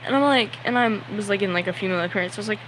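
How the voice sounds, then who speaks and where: A man's voice: sits high, very fast, background noise. A young man telling a story on a livestream, nervous and sweaty, talking in a rambling way full of "like" and acting out the people in his story.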